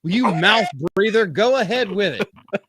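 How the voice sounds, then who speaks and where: A man's voice: sits high, unhurried, a bit bright, slight background noise. Profane ranting male live-stream host. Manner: profane, mocking rant; reads quotes aloud and interrupts with sarcastic asides. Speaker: podcast host.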